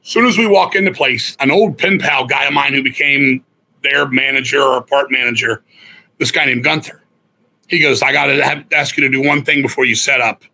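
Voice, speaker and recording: Husky, forceful middle-aged man. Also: medium pitch, fairly quick, low-quality recording. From Virginia, USA. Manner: profane, animated storyteller acting out other people's lines. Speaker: guest musician. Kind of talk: casual storytelling interview.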